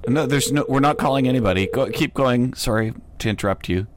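A man's voice: mid-range voice, brisk, noisy background. A man casually teasing and pushing his friend along during prank calls. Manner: teasing, pushy.

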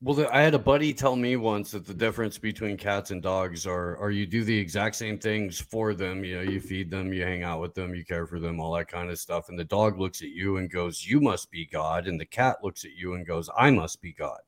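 A man with a low voice tells a story in a dry, joking way. His delivery is relaxed and matter-of-fact, in the flow of a casual conversation. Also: fairly quick, few pauses. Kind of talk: casual chat.

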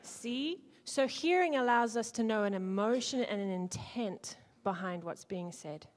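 A woman leading an interactive teaching talk to a church group, playful, swinging between loud and hushed and acting out lines. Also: a little high, measured pace. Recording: long hall reverb.

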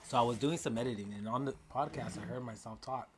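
A man's voice: medium pitch, fast, noisy background. A man co-hosting and editing a casual podcast, joking and rambling with coughs between words. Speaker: podcast co-host. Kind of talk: casual chat.

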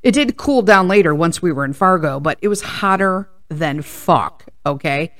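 A woman's voice: fairly low pitch, animated, moderate pace, fairly bright tone, no echo, studio quality. A woman hosting a casual storytelling podcast, ranting profanely and drifting into tangents. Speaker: podcast host.

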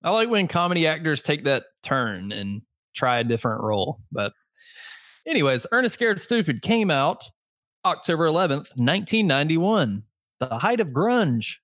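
A man's voice: a little high, sing-song, normal speed, a bit bright, no echo, studio quality. A man co-hosting a podcast, chatting in a laid-back way with frequent fillers. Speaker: podcast host. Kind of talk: casual chat.

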